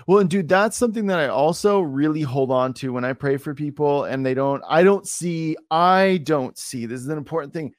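A man's voice: a little high, moderate pace, few pauses, dry recording, clean studio sound. A man hosting a podcast interview, chatting casually and saying dude and like a lot. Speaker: podcast host.

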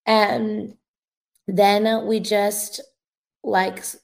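A young woman guest with a gravelly, slightly fried texture, her pitch sitting in an ordinary middle range. She talks through an earnest, emotional testimony in a loose conversational way, as a revivalist minister being interviewed. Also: little pitch movement, drawn-out words.

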